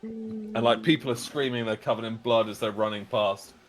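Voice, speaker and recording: A man's voice: medium pitch, very animated, normal speed, soft background music. A man narrating a tabletop game as game master, describing scenes at length with many fillers and "like"s.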